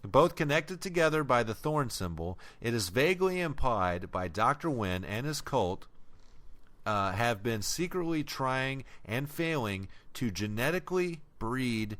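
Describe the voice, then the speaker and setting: A man co-hosting a podcast, chatting casually about a horror film, swearing freely and breaking into laughs. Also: mid-range voice. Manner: profane, animated, quick to laugh. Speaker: podcast co-host. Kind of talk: casual film review chat.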